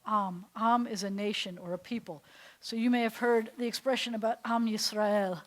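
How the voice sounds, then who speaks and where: A woman's voice: mid-range voice, steady tone, normal speed. Chatty woman rabbi teaching a class. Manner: chatty, explains step by step, asks the class questions. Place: classroom with a small group seated.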